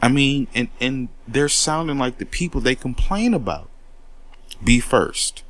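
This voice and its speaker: A man's voice: medium pitch, lively intonation, a little slow, a bit bright. A man in a heated, profane monologue, taking on critics with repeated words and a confrontational edge. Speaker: commentary host.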